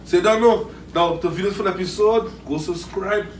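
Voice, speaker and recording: Lively man hosting outdoors. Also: high-pitched, normal speed. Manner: lively, calls out to the crowd. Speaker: interview show host. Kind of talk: outdoor group interview wrap-up. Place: outdoors with a crowd. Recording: echoey, distant, noisy outdoor ambience.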